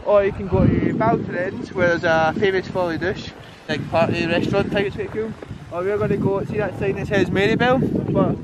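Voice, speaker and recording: A man's voice: high-pitched, steady tone, a little fast. A Scottish man vlogging and interviewing in a chatty, storytelling way, outdoors on ski slopes. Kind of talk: casual vlog chat. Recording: loud wind noise outdoors.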